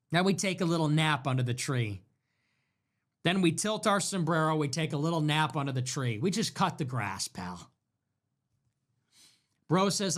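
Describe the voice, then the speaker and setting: Young man, livestream rant, mocking, sarcastic, whiny impressions, very animated pitch. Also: normal speed, long pauses. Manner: mocking, sarcastic, mimics others in whiny voices. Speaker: livestream political commentator. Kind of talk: ranting livestream monologue.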